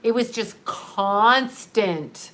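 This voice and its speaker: A middle-aged woman speaks candidly on a livestream, swearing freely and laughing often. Her voice sits slightly high, and a layer of grief runs beneath the bluntness. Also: very slow, fairly bright tone. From United States. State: grieving. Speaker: livestream host.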